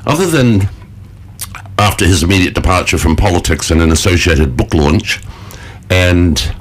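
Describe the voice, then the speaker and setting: A man's voice: low voice, expressive, normal speed, slight background noise. A man presenting morning radio from a studio, chatty and rambling, often breaking into laughter. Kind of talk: casual morning radio chat.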